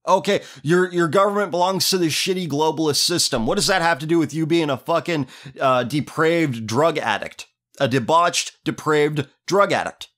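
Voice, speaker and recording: A man's voice: fairly high pitch, fairly bright tone. A man hosting a show, reading out a listener's letter and ranting over it in a sneering, profane, contemptuous way. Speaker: host.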